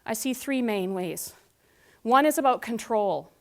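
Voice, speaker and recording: A woman in her forties speaks to a live audience in a bright, fairly high voice. She keeps it conversational, tossing questions to the room and slipping into little acted-out scenes to make her point. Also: measured pace. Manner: lively, asks the audience questions, acts out scenes. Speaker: conference speaker.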